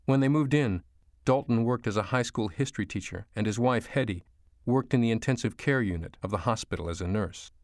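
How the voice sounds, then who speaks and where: A man reading an audiobook in a measured, gentle storytelling manner. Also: mid-range voice, no echo, clean studio sound. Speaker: audiobook narrator. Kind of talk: scripted narration.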